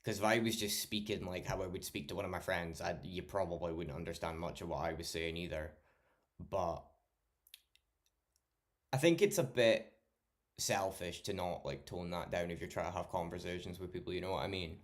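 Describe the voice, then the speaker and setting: A man's voice: sits low, moderate pace. A young man from Scotland with a mild Scottish accent, chatting on a late-night stream in a rambling, sweary, laid-back way. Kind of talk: casual chat.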